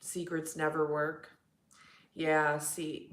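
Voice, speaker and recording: A woman's voice: mid-range voice, expressive, a little slow, fairly bright tone, reverberant. A woman in her forties with a New York accent, chatting frankly with viewers on her livestream. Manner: chatty, frank, blunt, swears casually. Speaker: livestream host. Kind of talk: casual chat with viewers.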